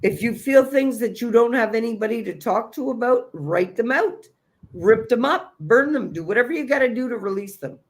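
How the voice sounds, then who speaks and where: A man's voice: very high voice, expressive, moderate pace. A man hosting a spiritual livestream, giving an earnest, encouraging self-help talk that keeps circling back to the same key phrases.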